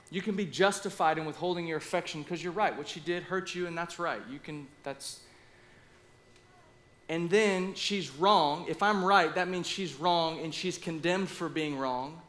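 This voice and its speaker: A man preaching a sermon with passion, acting out his own inner dialogue and speaking with lively asides. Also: fairly high pitch. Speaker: pastor.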